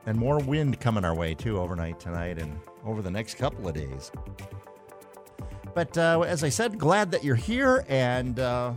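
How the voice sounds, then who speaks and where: A man hosting a live local call-in radio show from a studio, talking in a relaxed, halting way with fillers. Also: mid-range voice, faint music behind. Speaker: radio talk show host.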